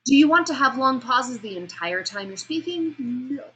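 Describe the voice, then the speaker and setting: A woman teaching a speech class, her voice bright and forward with a husky, breathy edge. She talks in an animated way, questions the students, and acts out each sound and change of pace as she explains it. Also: high-pitched, moderate pace, rough recording. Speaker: speech instructor. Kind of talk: classroom lecture on vocal delivery.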